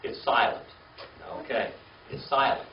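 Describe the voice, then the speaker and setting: In a church classroom before a live audience, a man teaches a Bible class at a measured pace, patiently working through letters and checking in with "okay?" and "all right?". Crowd noise fills the roomy, distant, dull lo-fi recording.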